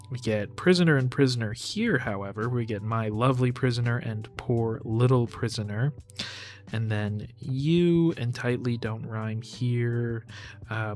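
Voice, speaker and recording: A man giving a close-reading commentary on song lyrics, thoughtful and hedging, often saying "sort of" and "you know.". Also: mid-range voice. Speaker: host of a lyric analysis channel.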